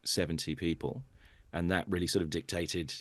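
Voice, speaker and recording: A man's voice: sits low, steady tone, moderate pace, no echo. A man, a comedian guest on a comedy podcast, telling rambling, sardonic stories over a video call.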